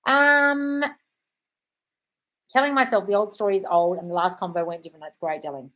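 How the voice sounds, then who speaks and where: A woman's voice: medium pitch, steady tone, moderate pace, sharp tone, rough recording. A woman hosting a live stream, reading out viewer questions and answering them in a breezy, chatty way, calling everyone darling. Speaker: host.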